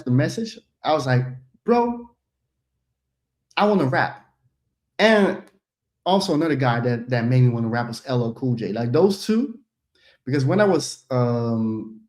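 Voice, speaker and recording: A man in his thirties, raised in the Netherlands, talks in a relaxed, meandering way, like a rapper swapping stories on a stream. His pitch sits in an ordinary middle range, and he breaks into easy laughter now and then. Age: 30s. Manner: loose, rambling storyteller who laughs easily. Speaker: rapper and guest. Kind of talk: casual chat on a stream.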